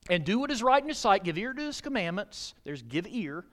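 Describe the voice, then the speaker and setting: A man preaching a sermon to a congregation in a church, with animated delivery that rises to emphatic peaks and drops low, and frequent questions put to the listeners. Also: fairly quick. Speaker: pastor.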